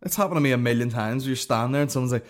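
Guy on a comedy podcast, middle pitch, cursing and ranting with lots of likes and you knows. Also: rapid-fire. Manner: sweary, animated storytelling with lots of fillers. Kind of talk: casual comedic rant.

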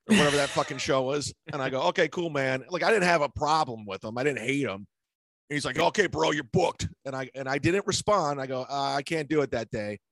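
A man's voice: medium pitch, creaky, fairly bright tone, no echo. A man hosting a casual comedy podcast, telling stories bluntly with lots of swearing and mocking impressions of people. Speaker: podcast host.

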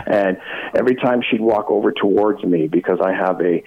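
A man's voice: sits low, moderate pace, husky, phone-quality sound. A man, a guest on a talk show, telling stories from his TV career and acting out what people said. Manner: animated anecdotes with voiced quotes. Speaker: guest, former TV shopping host. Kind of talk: storytelling in a casual chat.

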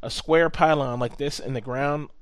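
A man telling a story in casual chat, animated, swearing often and acting out what people said. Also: fairly high pitch, normal speed, dry recording.

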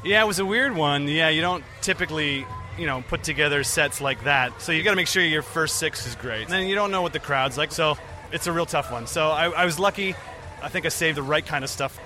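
Reflective Canadian man, bright voice. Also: a little high, a little fast, faint music behind. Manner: relaxed, reflective. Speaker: comedian interviewee. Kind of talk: casual interview.

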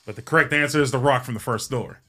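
Bright-voiced, rambling, profane male host. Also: mid-range voice, fast. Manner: rambling and profane, with frequent fillers. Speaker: show host. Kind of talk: casual joke-telling.

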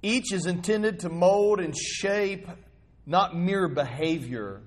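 Guy pastor preaching, kinda husky, higher voice, chatty storytelling with questions to the crowd. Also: takes it slowly. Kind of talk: sermon.

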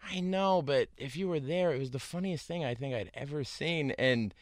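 A man who works as an actor, guest in a casual conversation, telling lively anecdotes and laughing as he goes. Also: fairly high pitch, moderate pace, dry recording, studio quality. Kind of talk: casual chat.

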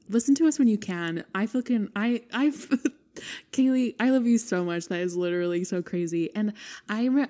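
A woman's voice: medium pitch, warm tone. A woman in her twenties co-hosting a podcast, chatting casually, gushing and emphatic, laughing often. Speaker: podcast co-host.

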